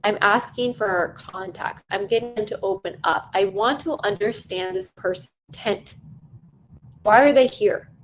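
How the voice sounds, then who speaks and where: A woman's voice: mid-range voice, a little slow, a little hiss or hum, rough recording. A woman teaching sales-call technique in a conversational coaching lesson. She stresses points by repeating them and often checks in with "right?". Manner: emphatic, repeats key phrases for stress. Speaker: sales trainer.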